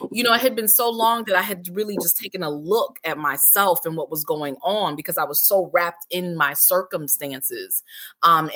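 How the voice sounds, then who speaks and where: A woman in her forties, an interview guest, telling a candid personal story in an animated way, acting out past conversations. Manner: animated, acts out past dialogue with big pitch jumps. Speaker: interview guest, healing center founder.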